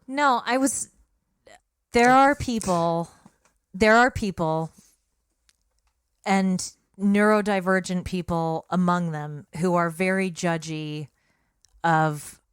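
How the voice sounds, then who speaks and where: A woman's voice: lowish voice, slow, pauses often, clear, resonant tone, dry recording, clean studio sound. A woman co-hosting a podcast in casual, earnest discussion, speaking emphatically with frequent restarts. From Britain. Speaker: podcast co-host.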